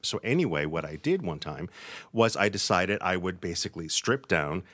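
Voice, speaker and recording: A man's voice: low-pitched, animated, normal speed, a bit bright, no room sound. A man co-hosting a podcast in a playful, theatrical way. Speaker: podcast co-host. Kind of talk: casual podcast chat.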